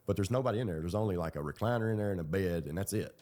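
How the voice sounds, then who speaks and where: A man's voice: low-pitched, rapid-fire, dark tone. A man telling his own story in a loose, rambling, colloquial way. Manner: rambling, colloquial, with fillers and laughs. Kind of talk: casual storytelling.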